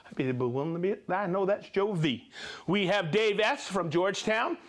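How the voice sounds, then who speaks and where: Upbeat male livestream host, high voice, reads viewer shout-outs quickly. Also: expressive. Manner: upbeat, rattles off names and places, stumbles on pronunciations.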